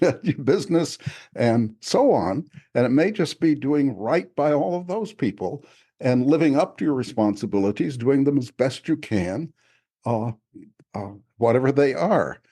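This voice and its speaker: Man, author on a podcast, warm mellow voice, reflective, chuckles a lot, casual talk. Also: mid-range voice, creaky, husky. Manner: reflective, with frequent chuckles and restarts. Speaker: author discussing his spiritual experiences.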